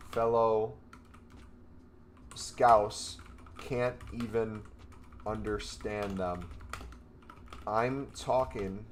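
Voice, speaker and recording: A man's voice: on the low side, slight background noise. A man in casual chat, playful and amused, giving spoken prompts to an AI. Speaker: gaming content creator.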